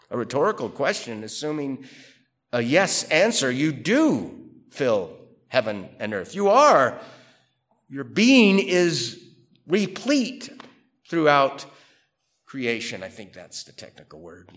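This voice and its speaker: A man giving a conversational theology lecture, reading quotations aloud and questioning them. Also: mid-range voice. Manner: animated, conversational, reads quotes aloud. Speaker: theology teacher. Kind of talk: classroom lecture.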